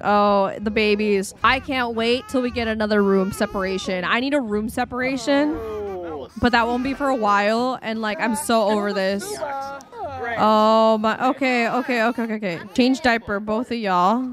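Young female game streamer, slightly high voice, loose rambling chat with viewers, light music bed. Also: normal speed. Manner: chatty, rambling, reacting aloud to the game. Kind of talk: casual live-stream commentary.

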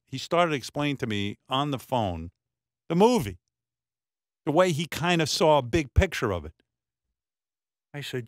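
Forceful, sharp-voiced male radio host. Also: medium pitch, normal speed, dry recording, studio quality. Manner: blunt, profane, animated storytelling with lots of asides. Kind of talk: casual storytelling tribute.

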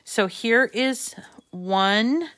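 A middle-aged woman with a slight lisp, hosting a casual craft tutorial in a chatty, self-deprecating way that thinks out loud. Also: a little high, expressive, very slow. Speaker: crafting channel host.

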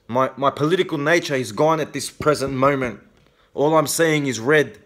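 A man's voice: medium pitch, moderate pace, fairly bright tone. A man with an Australian accent ranting angrily to camera in a video blog, swearing heavily and ending points with a challenging "okay?". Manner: heavy swearing, repeated "okay?" tags. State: angry. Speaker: vlogger. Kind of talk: angry confrontational rant to camera.

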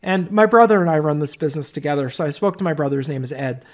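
A man's voice: on the high side, quick pace. A middle-aged man hosting a webinar, telling stories in a chatty way with many asides. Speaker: webinar host. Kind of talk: webinar sales talk.

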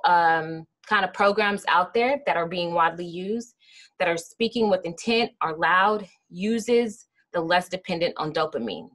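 A woman with a slightly low voice delivers an educational lecture. She explains things patiently and often pauses on "um" and "kinda". Now and then she acts out short example phrases. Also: fairly bright tone. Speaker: speech therapist giving a lecture.

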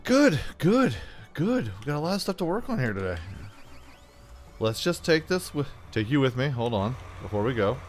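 A man's voice: mid-range voice, expressive, a little fast, a little hiss or hum. A man casually commenting on a farming game as he plays, chatting to himself and the game with jokey asides. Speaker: gameplay commentator.

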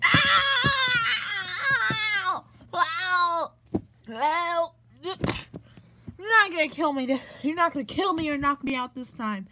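A woman voicing characters in her own amateur animation, yelling insults and yelping in a hammy way. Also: high voice, animated, moderate pace, background noise. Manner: shrieking insults and yelps, hammy.

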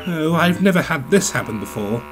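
A man's voice: on the high side, lively intonation, brisk, fairly bright tone, voice pushed up. Man as a flustered, earnest storybook diesel engine. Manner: slightly raised, earnest and huffy. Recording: music playing behind.

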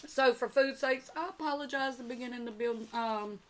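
A woman's voice: high-pitched, slight background noise. A woman hosting an eating show, chatting casually and talking straight to her viewers. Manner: chatty, addresses viewers as y'all. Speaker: mukbang channel host.

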